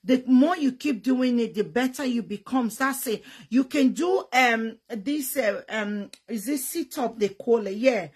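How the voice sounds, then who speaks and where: A young woman with a Nigerian Pidgin English accent, talking frankly and bluntly to her viewers, with loud bursts and sound effects. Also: on the high side, expressive, unhurried, few pauses, breathy edge. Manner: blunt and teasing. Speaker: vlogger. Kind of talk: frank casual talk to viewers.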